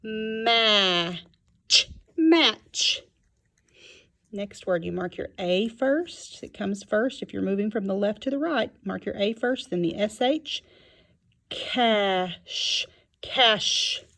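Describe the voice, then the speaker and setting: A woman teaching a phonics lesson to young children, sounding out each word slowly and clearly. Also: mid-range voice, animated. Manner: slow and clear, sounding out words.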